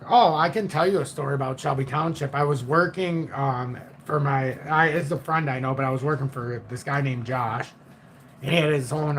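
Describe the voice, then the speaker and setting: A man on a casual livestream, telling a story in a blunt, profane and animated way. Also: mid-range voice, a little hiss or hum. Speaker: livestream host.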